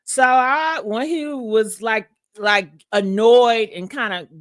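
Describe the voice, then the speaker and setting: A woman's voice: fairly high pitch, slow, no room sound, studio quality. A woman vlogger casually telling a personal story to her viewers, frank and profane, laughing often.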